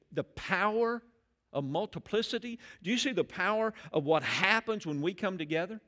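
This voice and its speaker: Male pastor, forceful bright sermon voice, fairly high, punchy emphasis. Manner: animated preaching, rising loud on key phrases. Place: church sanctuary.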